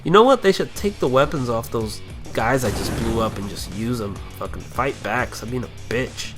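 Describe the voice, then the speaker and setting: A young man giving loose, profane gameplay commentary, rambling along and bursting into kung-fu yells. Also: medium pitch, expressive, normal speed. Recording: faint game music behind.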